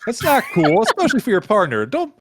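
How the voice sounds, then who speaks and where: A man voicing a blunt male judge in a tabletop game, speaking in a high, squeaky, scolding voice. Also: wildly swooping pitch, fast talker, fairly bright tone, slight background noise, full character voice. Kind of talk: tabletop game role-play.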